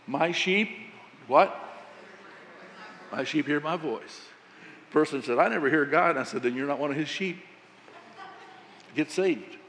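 A man preaching a sermon, telling a folksy story about coaching and quoting himself with animated emphasis. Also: on the high side, measured pace, pauses often, big-room sound, slight background noise.

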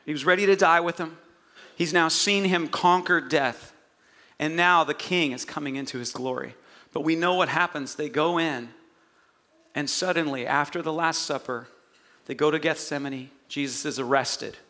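A male pastor preaching, his voice a little high and bright. He tells the story with animated energy and drops in jokey asides along the way. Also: normal speed. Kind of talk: sermon.

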